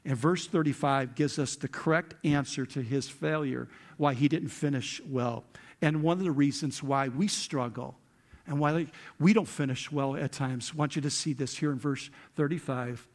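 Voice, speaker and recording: A male pastor preaching a sermon, retelling a scripture story with lively acted-out quotes. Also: mid-range voice, normal speed. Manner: animated storytelling, acts out quotes with rising intensity.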